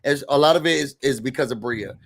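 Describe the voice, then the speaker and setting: A man's voice: mid-range voice, fast talker, gravelly. A man co-hosting a podcast, casually recapping a reality show and acting out the cast's lines. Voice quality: animated retelling, acting out quotes.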